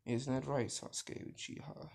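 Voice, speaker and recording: A man's voice: mid-range voice, little pitch movement, normal speed, vocal fry, a little mellow. A man casually retelling a fan story he made up, rambling, losing his thread and swearing now and then.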